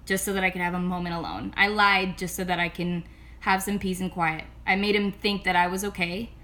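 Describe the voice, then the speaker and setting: A young woman with a bright, ringing tone talks straight to camera in a casual confessional vlog. Her delivery is candid and chatty, studded with "like," and sits at an ordinary middle pitch. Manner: candid and chatty, lots of "like" fillers. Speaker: singer-songwriter.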